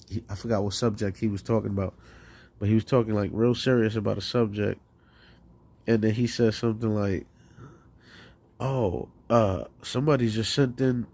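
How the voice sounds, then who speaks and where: A man's voice: lowish voice, darkish tone. A man hosting a call-in podcast, rambling and swearing with frequent laughs. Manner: rambling, profane, laughing often. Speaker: podcast host. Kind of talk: casual call-in show rant.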